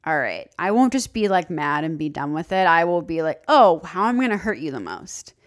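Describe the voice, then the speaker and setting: A young woman co-hosting a podcast in casual chat, candid and profane, dropping into low mock-menacing asides. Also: fairly bright tone, smooth. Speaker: podcast co-host.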